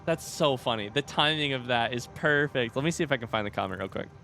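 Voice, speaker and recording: A man's voice: medium pitch, animated, quick pace, vocal fry, sharp tone, slight background noise. A man streaming a game from home, chatting with his viewers and reading out their comments. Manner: chatty, reads out viewer comments, coos at a baby. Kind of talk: casual live-stream chat. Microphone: desk microphone.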